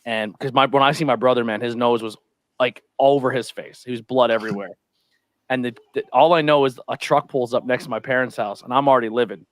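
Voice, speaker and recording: A man's voice: medium pitch, fairly quick, no room sound. A man co-hosting a wrestling podcast, chatting casually and acting out the people in his stories. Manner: animated storyteller, acts out quotes. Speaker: podcast co-host. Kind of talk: casual chat watching wrestling.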